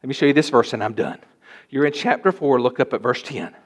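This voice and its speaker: A man preaching a sermon in a church, emphatic and at times rising to shouts. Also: medium pitch, expressive, fairly quick, husky. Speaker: pastor.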